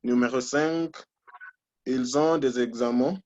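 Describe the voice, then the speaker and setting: A man's voice: medium pitch, a little slow, a little mellow. Man, french teacher, patient, repeats answers, muffled video call sound. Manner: patient, repeats and corrects students. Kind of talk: online class teaching.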